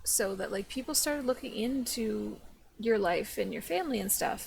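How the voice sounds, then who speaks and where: A woman's voice: medium pitch, normal speed, gravelly, background noise. A woman delivering blunt, sarcastic reaction commentary. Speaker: commentary YouTuber.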